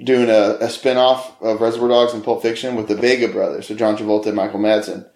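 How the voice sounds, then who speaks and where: A man's voice: on the low side, little pitch movement, quick pace, a little mellow, roomy sound. A young man co-hosting a casual podcast chat, swearing and laughing often. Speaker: podcast co-host.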